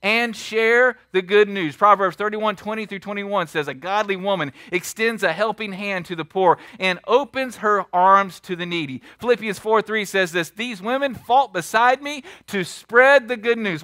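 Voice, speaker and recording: A man preaching a sermon as pastor, emphatic and full of rhetorical questions, swinging between loud and hushed. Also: high-pitched, moderate pace, few pauses, no echo, clean studio sound. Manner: asks the congregation many rhetorical questions. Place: church sanctuary.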